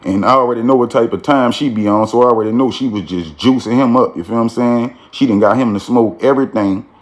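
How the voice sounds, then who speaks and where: Man, casual street storytelling, slangy and animated, keeps asking "you feel me". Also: medium pitch, fast.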